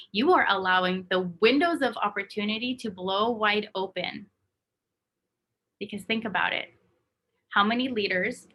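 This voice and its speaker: A woman's voice: mid-range voice, bright, forceful tone. A woman coaching her team in a motivational talk, emphatic and acting out her own inner voice.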